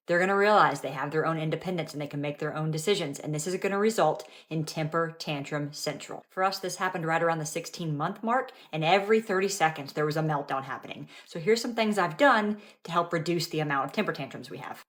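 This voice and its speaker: A woman's voice: sits low, fairly quick. A young woman and mother giving casual parenting tips in an upbeat, instructive way.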